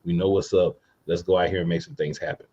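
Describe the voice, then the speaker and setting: Male podcast co-host, very low voice, blunt and fired-up fan energy, slightly dull lo-fi sound. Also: flat delivery, fast, dark tone. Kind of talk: casual sports podcast chat.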